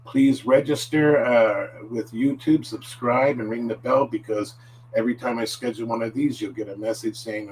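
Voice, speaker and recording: A man's voice: medium pitch, fairly even intonation, normal speed, a little mellow. A man giving a casual live-stream language lesson, chatty and full of fillers. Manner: rambling, filler-heavy, chatty. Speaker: Japanese language teacher. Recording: distant mic with faint hum.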